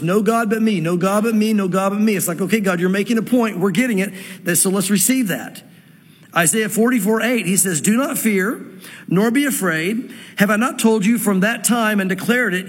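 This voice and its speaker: A man preaching a sermon to a church audience. He reads scripture slowly and then explains it in quick asides. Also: high voice, breathy edge, in a large hall. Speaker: pastor.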